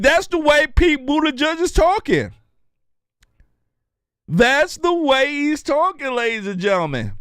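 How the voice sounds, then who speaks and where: Male commentary host, crisp resonant tone, deliberate pace, provocative and jokey. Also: sits high, a bit bright, no room sound, studio quality. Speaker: show host. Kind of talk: political commentary monologue.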